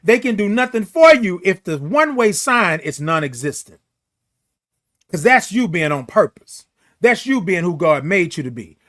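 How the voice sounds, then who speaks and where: High-voiced, emphatic motivational host. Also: male voice, big pitch swings, normal speed, a bit bright. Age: middle-aged. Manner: emphatic and preachy, repeats key phrases, drags out words for stress. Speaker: host of a morning live show. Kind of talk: motivational live-stream talk, reading viewer comments.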